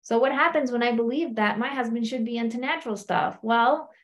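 Woman coaching, chatty and slightly high. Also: brisk. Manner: conversational, keeps asking "right?". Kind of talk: teaching a self-inquiry method.

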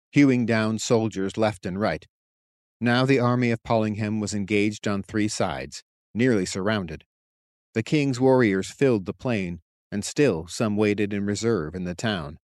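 Man, audiobook narrator, steady storytelling, lowish voice, dry close sound. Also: no room sound. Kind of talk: scripted narration.

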